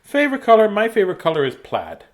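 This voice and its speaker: A playful man reads a children's picture book aloud in a casual, jokey way, breaking off for silly asides. His voice sits a little high and swings widely in pitch. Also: huge pitch swings, fast, noisy background. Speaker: host reading picture books aloud.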